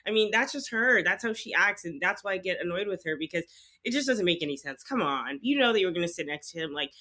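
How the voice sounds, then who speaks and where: A woman's voice: fairly low pitch, expressive, fast talker, sharp tone. A woman guest on a podcast, chatting casually about a reality show and laughing often. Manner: laughs often, uses "like" a lot. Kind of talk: casual recap chat.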